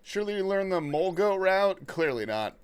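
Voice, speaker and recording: A man's voice: high-pitched, sing-song, normal speed, clear, resonant tone. A young man chatting casually and profanely on a gaming livestream, answering his chat. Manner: laid-back, slangy and profane, reading and answering chat.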